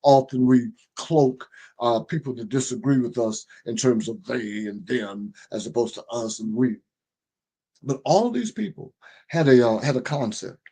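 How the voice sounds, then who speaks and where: A man's voice: mid-range voice, expressive, unhurried, dark tone, husky. A middle-aged man, a book publisher and strategist, giving a motivational livestream talk in an emphatic, preachy way, repeating key phrases and often restarting his sentences. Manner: frequent restarts and stumbles.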